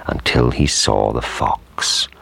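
A man reading a children's storybook aloud with expressive, lively intonation. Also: a bass voice, takes it slowly, creaky.

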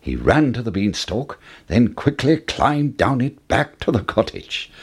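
A man reading a fairy tale aloud as a storybook narration, with dramatic, expressive delivery. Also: medium pitch, measured pace, few pauses, breathy edge.

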